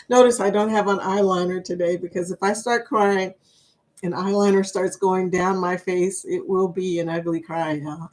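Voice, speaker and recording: A woman hosts a live stream in a chatty, excitable way. She greets her viewers one by one and lets out whoops and laughs. Her pitch sits in the middle range for a woman. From Kentucky, USA. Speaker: livestream host. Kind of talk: casual live-stream chat.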